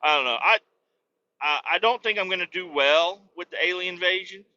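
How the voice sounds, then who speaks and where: A man's voice: high voice, a little fast, bright, forceful tone, no echo, muffled recording. A man hosting a podcast from his truck cab, rambling and joking with lots of swearing in a casual monologue. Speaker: podcast host. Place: truck cab while driving.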